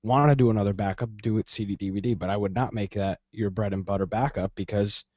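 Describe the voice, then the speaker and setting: A man's voice: on the low side, steady tone, fast, darkish tone, dry recording. A man co-hosting a tech talk show, giving advice insistently in casual speech. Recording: dull lo-fi broadcast sound.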